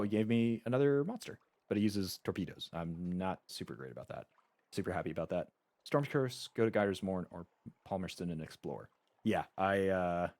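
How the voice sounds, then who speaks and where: A man's voice: low voice, a little mellow, dry recording. A man streaming a game live, reading its story text aloud and chatting casually with frequent stammered restarts.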